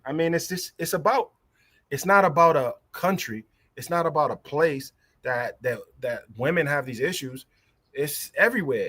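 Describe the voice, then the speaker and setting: A man's voice: fairly high pitch, pushed and bright, no room sound. A young adult man, hosting a casual livestream and ranting in a heated, profane way that keeps repeating itself. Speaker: livestream host.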